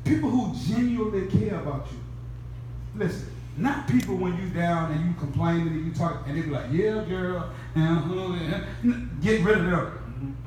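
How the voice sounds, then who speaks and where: A woman preaching a sermon in a fiery, conversational way, often shouting, with laughing asides. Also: on the low side, moderate pace, slight background noise. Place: church sanctuary. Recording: echoey church from far off.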